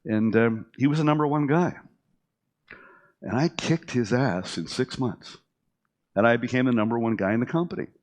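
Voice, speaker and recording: A middle-aged man casually tells his own story at a moderate pace in a medium-pitched voice, leaving long pauses. He's animated, full of fillers and restarts, and acts out the things other people said to him.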